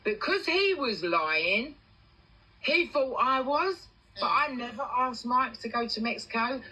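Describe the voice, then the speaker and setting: An English woman on a casual livestream, telling a personal story in animated bursts and swearing freely. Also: on the high side, measured pace, husky, rough recording. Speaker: TikTok livestreamer.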